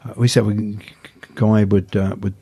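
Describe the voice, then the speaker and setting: A man's voice: lowish voice, level tone, unhurried, dark tone, breathy edge. An older man, a martial arts teacher telling stories as a guest in a casual interview, often stammering on the first sounds of words.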